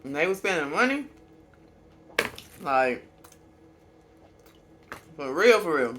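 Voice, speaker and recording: A woman talking slowly and frankly to her camera during a casual eating video. Her pitch swings widely as she talks, and her voice has a bright, forceful edge. A faint hum of room sound sits under her words. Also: big pitch swings. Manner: candid and chatty, with drawn-out pauses. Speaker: small business owner and vlogger. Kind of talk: casual mukbang chat to camera.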